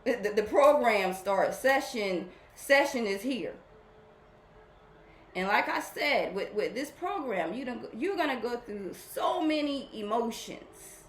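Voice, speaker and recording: A woman hosting a spiritual program, talking casually and warmly to her followers, often repeating herself as she rambles. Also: fairly high pitch, lively intonation, measured pace, reverberant, a little hiss or hum.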